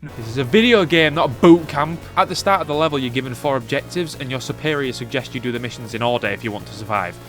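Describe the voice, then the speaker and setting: A man's voice: mid-range voice, quick pace, music in the background. A man doing a comedic voice-over review of an old game, sarcastic, sweary and mock-indignant.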